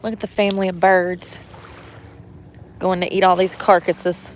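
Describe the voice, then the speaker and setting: A woman's voice: fairly low pitch, little pitch movement, moderate pace, slight background noise. A woman chatting casually into her phone outdoors by the water, swearing freely and laughing often. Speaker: vlogger. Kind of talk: casual outdoor vlog chat. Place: outdoors by the water on a cold day.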